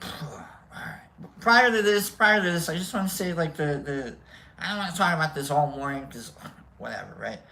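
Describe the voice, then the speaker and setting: A man's voice: a little high, expressive, normal speed, creaky, pushed and bright, poor audio. A man hosting a casual livestream, telling a rambling, self-deprecating story with jokes. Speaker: livestream host.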